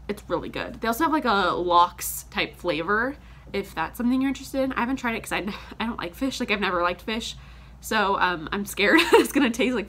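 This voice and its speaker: Bright-voiced chatty young woman, congested. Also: medium pitch, slight background noise. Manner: chatty, rambling, heavy use of "like", frequent laughs. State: congested with a sinus infection, a little out of breath. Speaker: vlogger. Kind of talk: casual chat while cooking. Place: home kitchen.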